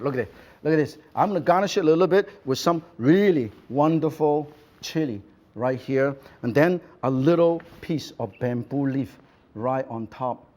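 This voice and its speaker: An older man hosting a cooking show, cheerfully walking through a stir-fry and chatting as he shops, in slightly non-native English. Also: medium pitch, darkish tone. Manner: enthusiastic, exclaiming and chatty. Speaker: celebrity chef and host.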